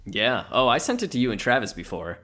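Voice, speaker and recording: A man's voice: mid-range voice, big pitch swings, brisk, pushed and bright. A man co-hosting a podcast in casual chat, laid-back and freely profane. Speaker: podcast co-host.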